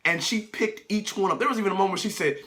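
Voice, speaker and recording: A man's voice: high voice, rapid-fire, fairly bright tone. A young man reviewing films in a casual, profane, exasperated rant. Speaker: film reviewer.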